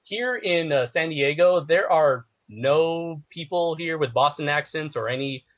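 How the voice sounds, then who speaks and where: A young man with a slightly high voice, talking casually on a podcast and pausing to search for words. The recording is dull and lo-fi. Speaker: podcast co-host. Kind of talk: casual chat.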